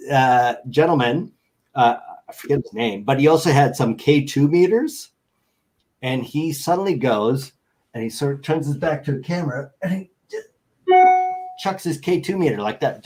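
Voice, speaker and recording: A middle-aged man telling a story in an interview, animated and acting out other people's voices. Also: on the high side, normal speed, poor audio. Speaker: guest. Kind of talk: storytelling anecdote.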